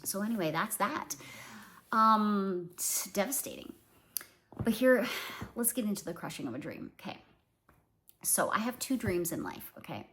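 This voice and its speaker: A woman's voice: medium pitch, expressive, moderate pace, long pauses, a bit bright, slight background noise. A woman from Canada in her forties, a small business owner talking casually to her viewers, rambling with lots of fillers. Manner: chatty, rambling, many fillers and "like"s. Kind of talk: casual talk to camera.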